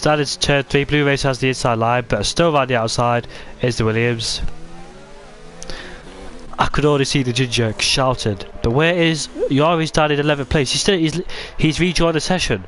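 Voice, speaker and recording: An excitable man calls a racing game league in a loose, chatty way, often stumbling and restarting mid-sentence. His voice sits at an ordinary middle pitch. A faint hiss runs underneath. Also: moderate pace. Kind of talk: casual live commentary on a racing game.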